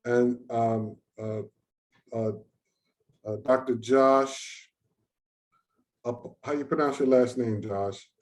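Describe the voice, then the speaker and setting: A man's voice: medium pitch, steady tone, takes it slowly, pauses often. A man moderating an online session over a video call, talking in an informal, chatty way. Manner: informal, chatty, thinking aloud. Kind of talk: hosting an online research session.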